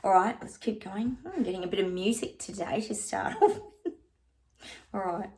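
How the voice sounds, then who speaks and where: Here is a woman giving a chatty psychic reading to her viewers. She talks at a middle pitch, loose and friendly, calling everyone guys. She hums snatches of songs between her points. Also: normal speed, warm tone. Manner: breaks into short bits of song and laughs often. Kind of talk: casual psychic reading to camera.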